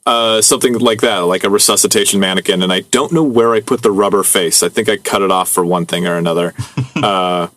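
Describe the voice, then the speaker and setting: A man's voice: low voice, fairly quick, fairly bright tone. A man in his thirties co-hosting a podcast, chatting casually and reading listener stories, rambling and musing with laughs between thoughts. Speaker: podcast co-host.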